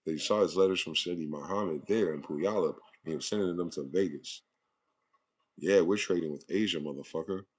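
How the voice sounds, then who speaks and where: In a ranting monologue, a male channel host hectors listeners with rhetorical questions, aggressive and profane throughout. His voice is deep and slightly rough, and he speaks a little fast.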